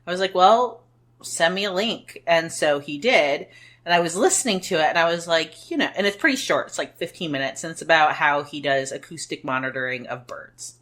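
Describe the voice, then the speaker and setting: A middle-aged woman co-hosting a podcast in casual chat, telling lively stories and acting out quotes. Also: deep voice, fairly quick. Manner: animated storyteller, acts out quotes. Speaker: podcast co-host.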